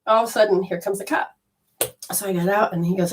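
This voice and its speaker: A woman's voice: medium pitch, fairly quick, recorded from a distance. A woman telling a personal story in a talk, acting out the quoted dialogue in a chatty way. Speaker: spiritual healer giving a talk.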